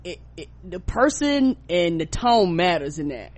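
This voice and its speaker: A woman from the South, co-hosting a podcast in casual chat and acting out quotes with big pitch jumps. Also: very animated, unhurried. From American South. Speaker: podcast co-host.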